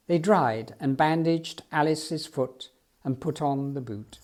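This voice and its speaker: A man reading a children's story aloud in an expressive, storytelling way. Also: a little high, takes it slowly. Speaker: storybook reader.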